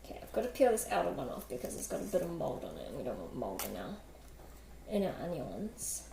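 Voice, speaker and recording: In her home kitchen, a woman hosts a casual cooking livestream, chatty and giggly, full of fillers, reading chat aloud as she preps food. Her voice is low, gravelly, very animated and fast, with a little hiss or hum. The kitchen echoes with loud clatter, chopping and dishes.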